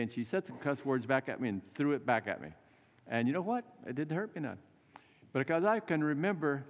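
Older man, preacher, folksy animated sermon, long church reverb, dull lo-fi recording. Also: mid-range voice. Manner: folksy, animated storytelling with acted quotes. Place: church sanctuary.

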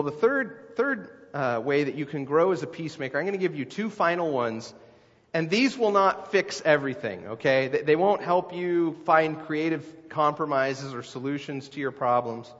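A middle-aged pastor with a fairly high, animated voice preaches a sermon at a moderate pace, speaking conversationally and posing questions to the congregation. The sound is dull, with long hall reverb.

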